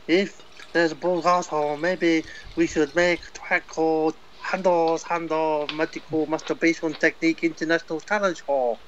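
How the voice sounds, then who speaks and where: A male podcast co-host cracking crude gags in a fairly high voice. He is recorded on a slightly dull mic. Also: slight background noise. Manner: crude, joking. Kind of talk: casual comedic banter.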